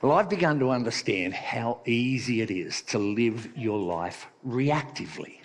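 A man preaching a sermon as pastor, talking in a relaxed, conversational way and telling a playful joke. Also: medium pitch, measured pace. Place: church hall. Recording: long reverb of a church hall.

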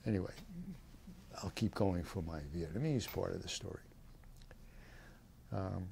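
Gravelly-voiced old man telling stories. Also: medium pitch, warm tone. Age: 80s. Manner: rambling storytelling with many fillers and laughs; voices quoted people in livelier tones. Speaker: veteran interviewee. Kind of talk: oral history interview.

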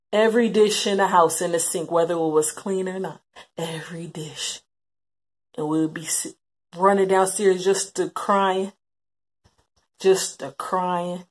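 Slow, husky-voiced woman giving testimony. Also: medium pitch. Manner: reflective, repeats phrases for emphasis. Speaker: interviewee recalling her brother. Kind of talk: emotional personal testimony.

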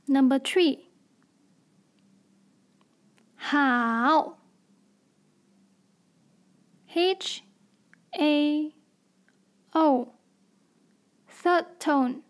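A woman with a high voice runs a slow pronunciation drill. She spells out letters one by one, carefully and deliberately, with long pauses between words. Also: a little mellow. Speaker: language teacher.

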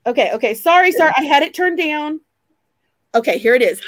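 Excitable high-pitched woman vlogger. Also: brisk, no echo. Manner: excitable, gushing, laughs often. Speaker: vlog host. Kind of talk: casual chat on a live vlog.

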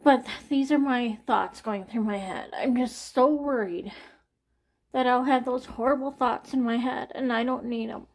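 A woman in her forties talking candidly in a personal vlog. She sounds anxious and near tears, and her speech is halting, with sighs, swearing and repeated words. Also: fairly high pitch, steady tone. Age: 40s. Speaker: vlogger.

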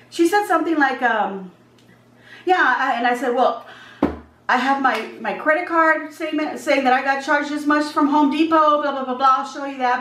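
Chatty woman telling a story in an echoey room. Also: high-pitched. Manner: animated retelling, acts out dialogue. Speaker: vlogger. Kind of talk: casual storytime chat. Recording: echoey room, voice a bit far from mic, faint background hum.

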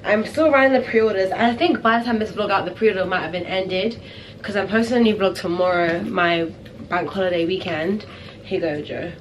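A woman's voice: medium pitch, a little fast, slight background noise. Chatty young British woman vlogging. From England. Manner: chatty, upbeat, addressing viewers directly. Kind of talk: casual vlog chat.

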